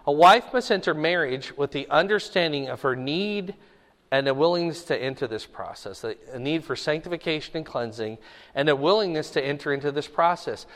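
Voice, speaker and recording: Pastor, male, higher voice, teaching sermon, conversational, frequent check-ins, long hall reverb. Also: animated, brisk, fairly bright tone. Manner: conversational, checks in with the congregation often.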